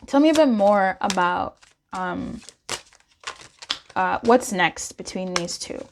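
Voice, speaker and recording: A woman's voice: medium pitch, takes it slowly, noisy background. Chatty woman giving a tarot reading. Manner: chatty and expressive, talking straight to the viewer. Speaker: tarot reader. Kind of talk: casual pick-a-card tarot reading.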